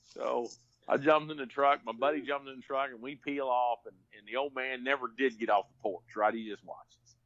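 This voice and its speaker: A man's voice: mid-range voice, steady tone, a little fast, a bit bright, dry recording, highs cut off. A man telling a rambling, folksy story on a podcast, full of restarts. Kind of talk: casual storytelling.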